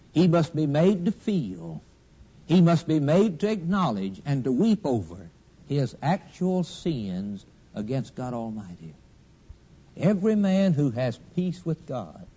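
A man preaching a fervent sermon, rising to loud exhortation and dropping to low, hushed tones. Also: breathy edge.

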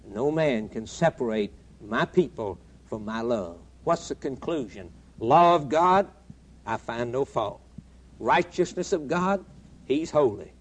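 A man's voice: mid-range voice, husky. A man preaching a sermon with a rising and falling, emphatic cadence. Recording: broadcast of a taped sermon.

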